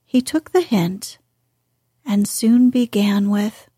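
A woman narrating a classic novel in a calm, even audiobook reading. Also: medium pitch, slow pace, breathy edge, dry recording, clean studio sound.

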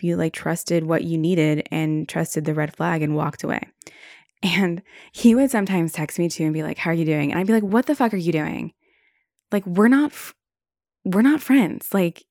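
A young woman hosts a podcast in a fairly low, darkish voice, recorded cleanly in a studio with no room sound. Her casual monologue is frank, she swears freely, and she fills her speech with lots of "like."

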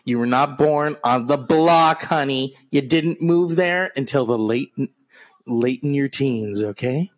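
A man's voice: medium pitch, unhurried. A man hosting a podcast, mocking a TV broadcast in a crude, sarcastic running commentary with exaggerated gasps. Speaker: podcast host.

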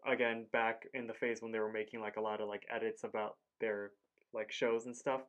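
Rambling through a cartoon episode recap, this podcast co-host fills his talk with "like" and performs the characters' lines. His lowish voice is clear, resonant and a bit bright, level in tone and fairly quick.

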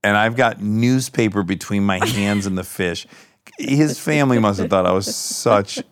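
Low-pitched male host, animated storyteller who swears freely, dry close sound. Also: normal speed, no echo. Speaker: podcast host. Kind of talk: casual chat.

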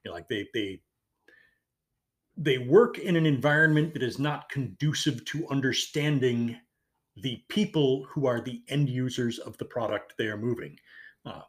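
A man with a mid-pitched voice co-hosts a podcast in relaxed, casual conversation. He jokes around and drops into quick mock voices to make his points. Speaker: podcast co-host. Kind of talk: casual chat.

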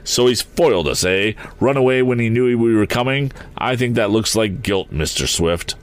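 A man's voice: mid-range voice, lively intonation, normal speed, no room sound, pitched above the performer's own voice, lightly acted. A man voicing a grim middle-aged police chief in a read-aloud story, stammering at first and then firm and testy. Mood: testy, triumphant. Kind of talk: audiobook character voice.

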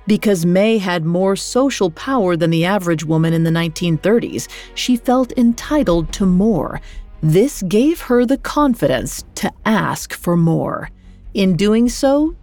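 A woman reading a scripted historical story, measured, with dramatic pauses. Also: medium pitch, darkish tone, dry recording. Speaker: narrator. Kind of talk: scripted documentary narration.

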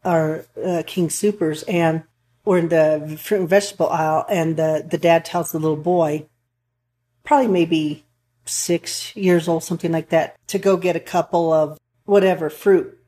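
A woman's voice: sits low, fairly even intonation, moderate pace, warm tone. A woman counselor talking earnestly in a casual chat, rambling a bit with restarts as she tells stories. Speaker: counselor for couples and families.

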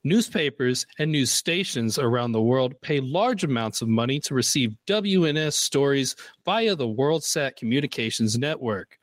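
A man's voice: mid-range voice, animated, moderate pace, hardly any pauses, no room sound, close to an everyday voice. A man doing a mock news anchor voice, reading in a polished, formal broadcast style. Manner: polished transatlantic-style delivery. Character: adult male news anchor, formal and measured.

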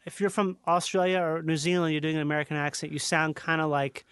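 A man hosting a casual comedic chat, teasing his guest with quick asides. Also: fairly high pitch, steady tone, fairly bright tone, smooth, no echo.

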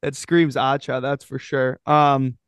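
A man's voice: mid-range voice, level tone, takes it slowly, fairly bright tone, clean tone, no room sound, clean studio sound. A man hosting a podcast in an easygoing, laid-back chat and laughing along with his guest. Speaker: podcast host. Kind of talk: casual chat.

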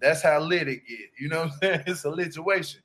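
A man, chatting casually with loud, laughing, slangy, animated storytelling. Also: a little high, fairly quick. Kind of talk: casual joking chat.

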